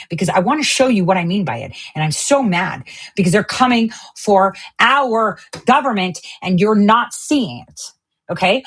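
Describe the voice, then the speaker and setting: A woman's voice: a little high, husky. A woman hosting a political commentary show, ranting in a heated, profane, sarcastic way. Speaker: host.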